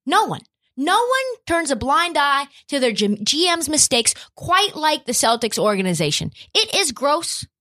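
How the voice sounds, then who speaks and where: High, animated woman ranting on sports. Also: unhurried. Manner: animated, profane rants with rhetorical questions. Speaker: podcast host. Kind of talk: opinionated sports talk.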